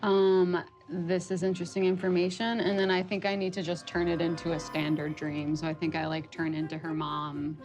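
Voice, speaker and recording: A woman talking as a player in a tabletop game, playful and excitable. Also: on the low side, normal speed, hardly any pauses, soft background music. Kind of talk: casual tabletop game play.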